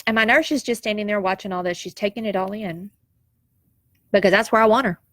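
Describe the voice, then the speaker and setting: A woman's voice: medium pitch, a little fast, fairly bright tone, no room sound, studio quality. A woman, telling a personal story in an emotional, heartfelt and reflective way, tearful at times. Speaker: nurse sharing a personal story.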